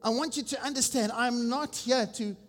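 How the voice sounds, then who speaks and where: A senior pastor preaching a sermon, exhorting the congregation and asking them questions. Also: male voice, very high voice, moderate pace. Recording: long reverb with faint music.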